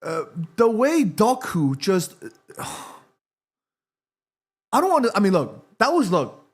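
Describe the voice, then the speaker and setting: A man hosting a live football watchalong, reacting excitedly to the play and reading viewer comments aloud. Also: high-pitched, takes it slowly. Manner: chatty, addresses viewers and reads their comments. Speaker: watchalong host.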